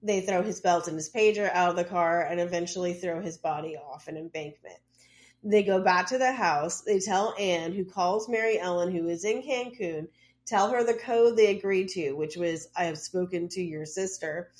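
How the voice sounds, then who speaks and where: Speaking at a moderate pace in a lowish voice, a woman co-host tells a true-crime case on a podcast in a casual way. Her retelling is full of loose asides and plenty of "like."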